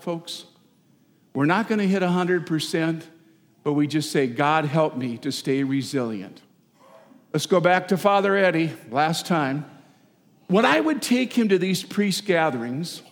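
A middle-aged man, a parish priest, giving a folksy, animated sermon with asides to the congregation. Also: high voice, a little slow. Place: large church. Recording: long church reverb.

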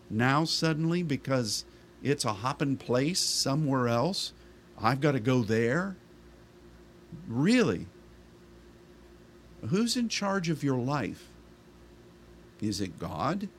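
Male pastor, middle-aged, unhurried sermon delivery with rhetorical questions, mid-pitched voice, faint room hum behind. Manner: conversational preaching with rhetorical questions.

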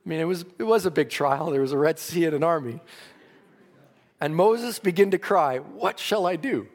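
Man preacher, high voice, earnest sermon delivery, long church-hall reverb. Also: lively intonation, normal speed. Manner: earnest preaching, rising and falling in emphasis.

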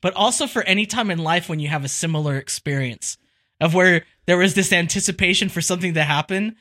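Bright-voiced, giggly podcast guy. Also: high voice, brisk. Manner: giggly, rambling, animated storyteller. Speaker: podcast co-host. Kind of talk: casual chat.

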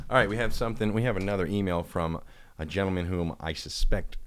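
A man's voice: low voice, fast talker, a bit bright. A man hosting a casual chat, joking and rambling as he reads out listener emails. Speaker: podcast host.

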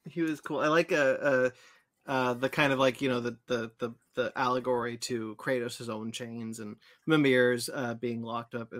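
A man's voice: mid-range voice, steady tone, moderate pace, fairly bright tone. Eager male gaming podcast host. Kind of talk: casual gaming chat.

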